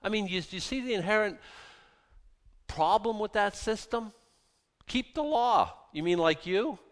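A man's voice: sits high, moderate pace, big-room sound. A man preaching a sermon with passion and zeal, mixing in mocking asides. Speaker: pastor.

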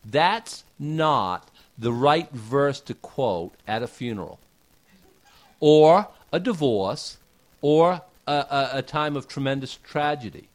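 A man's voice: medium pitch, expressive, slow. A man preaching a casual sermon, talking conversationally with rhetorical questions and folksy asides.

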